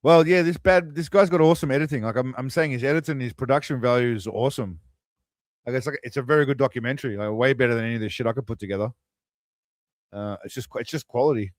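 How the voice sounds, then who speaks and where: A man's voice: medium pitch, fast talker, dry recording. Casual male streamer, talks loosely to chat, dry close mic. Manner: rambling, chatty, speaks to viewers. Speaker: streamer host.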